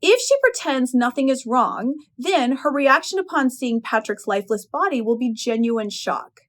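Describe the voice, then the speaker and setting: A woman English professor giving a literary analysis lecture, retelling a short story with expressive, opinionated commentary. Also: high voice, moderate pace.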